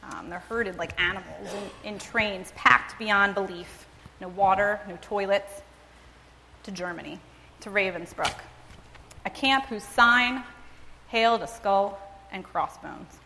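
A woman reading a first-person story aloud in a measured, dramatic storytelling manner. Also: medium pitch, gravelly, sharp tone, a little hiss or hum. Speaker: reader and speaker. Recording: long reverb, as in a large hall.

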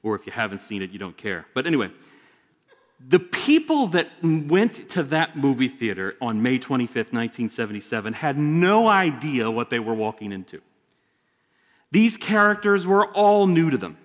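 Speaking at a moderate pace, this man's medium-pitched, sing-song voice carries through the long hall reverb of a church sanctuary. He's a pastor preaching a sermon, keeping it conversational and slipping in jokes along the way.

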